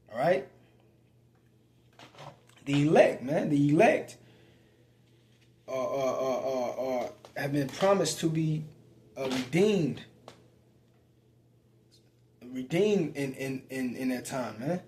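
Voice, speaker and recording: A man preaching, reading scripture aloud and commenting on it in casual talk, slow and halting with many fillers and repeated words. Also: a little high, lively intonation, darkish tone.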